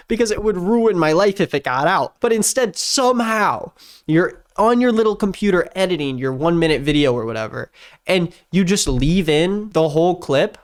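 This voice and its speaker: A young man giving reaction commentary as a YouTube commentator, sarcastic and incredulous. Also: on the high side.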